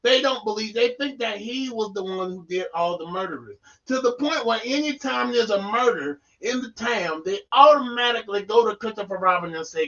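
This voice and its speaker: A man's voice: high voice, animated, brisk, few pauses, a bit bright, lo-fi sound. A man reviewing a film on a casual live stream, rambling with playful, goofy asides.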